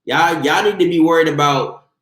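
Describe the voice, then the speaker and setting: Host, male, high lively voice ranting on a live stream from an echoey room. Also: moderate pace. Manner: animated, talks over himself, mocks viewers. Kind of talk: live-stream sports rant.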